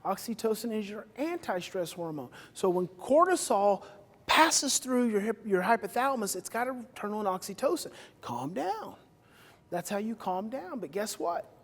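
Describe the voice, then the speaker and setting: A man giving a live talk to an audience, energetic and repetitive, with loud emphatic bursts. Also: sits high, moderate pace. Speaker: speaker on stage. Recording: reverberant hall.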